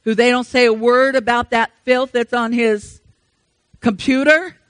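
An older woman preaching a sermon with emphatic rhetorical questions, swinging between loud rises and soft drops. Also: fairly high pitch, steady tone, a little slow, clean tone, no echo.

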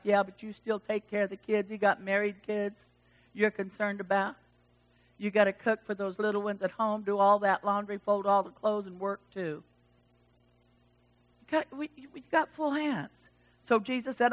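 A woman preaching a sermon, animated, swinging from loud exclamations to hushed asides and acting out the voices of the people in her text. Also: mid-range voice, measured pace, long pauses. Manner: acts out quoted voices of God and Elijah.

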